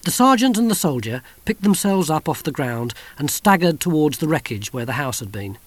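A male narrator reads a storybook in a measured, wry way, his voice sitting a little high for a man. The recording is dry and close, with no room sound. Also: sing-song, no room sound. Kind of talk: scripted audiobook narration.

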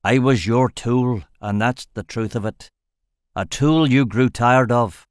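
A man voicing an old, stubborn male warrior, gruff and weary, speaking in a blunt, growling drawl. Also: medium pitch, a little slow, no echo, clean studio sound, lightly acted.

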